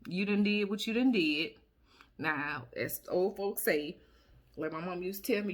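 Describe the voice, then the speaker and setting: A woman, chatting casually to camera as a vlogger, sassy and quick to laugh and exclaim. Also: lowish voice. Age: 30s.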